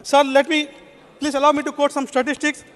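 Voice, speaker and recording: Indian male lawmaker, high voice, formal floor speech, long hall reverb. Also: level tone, a little fast, a bit bright. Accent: Indian English. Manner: formal, says "sir" constantly. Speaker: member of parliament. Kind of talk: parliamentary speech. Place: parliament chamber. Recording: long echo of a large chamber.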